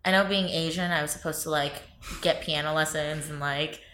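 A chatty woman in her thirties co-hosts a TV recap podcast and laughs easily at herself. Her voice sits a little low and sounds bright and forceful. The room around her is echoey. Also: fairly even intonation, brisk, a little hiss or hum. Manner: chatty, giggly, self-mocking. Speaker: podcast co-host. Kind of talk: casual chat recapping a TV show.

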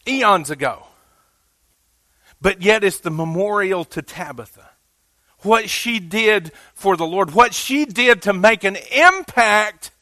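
High, bright-voiced man preaching. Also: no room sound. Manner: conversational preaching, with emphatic rises. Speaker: pastor. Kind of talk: sermon. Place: church.

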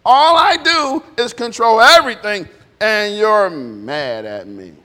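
A man voicing an exasperated God who scolds a sulking believer with drawn-out, incredulous questions. His voice is high and bright. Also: animated, big-room sound, heavily acted. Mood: scolding.

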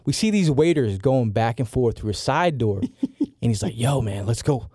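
A man in his forties, a podcast regular, telling a story in a lively, excitable way with many fillers. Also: medium pitch, moderate pace, no echo, studio quality. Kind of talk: animated storytelling.

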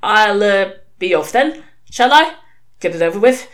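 A woman's voice: expressive, measured pace, lightly acted. A woman voicing a nervous male demon who babbles and tries to please, in a storybook reading. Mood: babbling. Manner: babbling, high-strung.

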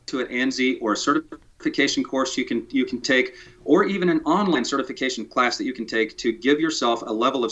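A man's voice: medium pitch, fairly bright tone. A man, a guest on a podcast interview, talking casually in a joking way that turns detailed and technical. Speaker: podcast guest, tiny house builder. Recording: dull lo-fi sound.

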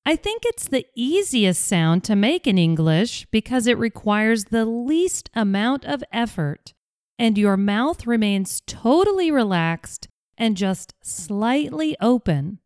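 A woman hosting a scripted English pronunciation podcast, modeling sounds slowly and carefully. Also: fairly high pitch, sing-song, a little mellow, dry recording, studio quality.

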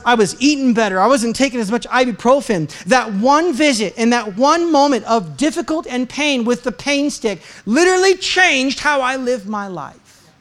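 An American pastor delivering a sermon, telling a personal story with self-deprecating humor and animated delivery. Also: medium pitch. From United States.

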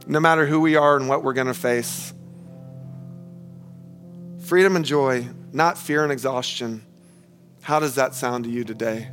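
A man's voice: mid-range voice, a bit bright. A man preaching a sermon as pastor, earnest and emphatic, calling his listeners friends and repeating key phrases for emphasis. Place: church sanctuary.

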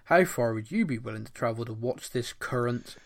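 Animated and a little fast, this mid-range male voice belongs to a Bristolian podcast host in a casual chat. He reads out listener questions, laughs a lot, and pokes fun at himself.

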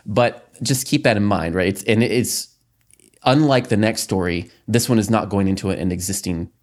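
A man hosting a casual podcast talk, his voice on the low side. He chats freely, sprinkling in likes and little laughs. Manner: chatty, quick to laugh, filler-heavy. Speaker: podcast host. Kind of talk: casual discussion.

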